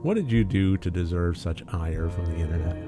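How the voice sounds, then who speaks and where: Gamer guy, low voice, reads narration and riffs with casual cursing. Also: fairly quick, music in the background. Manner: jokey, swears casually, laughs. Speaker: let's play streamer. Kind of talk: reading narration and casual commentary.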